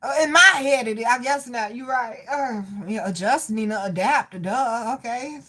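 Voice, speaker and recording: A woman giving a live medium reading, talking casually with spirits, laughing often and swinging between loud outbursts and soft murmurs. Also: on the high side, measured pace. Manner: casual, slangy, chatty.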